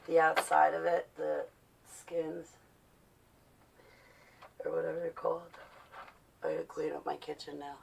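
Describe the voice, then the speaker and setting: A woman with a low, gravelly voice talking casually to her livestream viewers from home. She rambles from one story to the next with lively, animated storytelling, and her voice sits a little back from the mic. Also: recorded from a distance, slight background noise.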